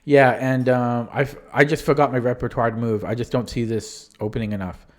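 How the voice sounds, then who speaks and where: Hoarse man in casual stream commentary. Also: medium pitch, fairly even intonation, moderate pace. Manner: rambling and self-correcting, often trailing off. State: losing his voice. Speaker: chess streamer reviewing his tournament games.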